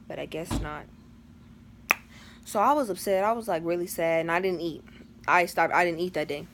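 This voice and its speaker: A woman's voice: fairly low pitch, moderate pace, background noise. A teenage girl telling a storytime vlog in a chatty, dramatic way, full of slang and fillers. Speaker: vlogger.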